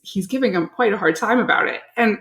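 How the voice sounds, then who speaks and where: A woman's voice: mid-range voice, quick pace, fairly bright tone. A middle-aged woman hosting a podcast, telling a family story in a chatty, casual way. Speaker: podcast host. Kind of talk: casual chat. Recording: roomy echo.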